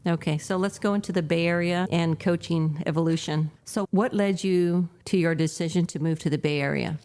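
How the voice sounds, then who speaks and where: A woman's voice: lowish voice, fairly even intonation, a little fast, darkish tone, smooth. A woman hosting a podcast interview, asking short encouraging questions. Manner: brief encouraging prompts and questions. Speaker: podcast host. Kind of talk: casual interview.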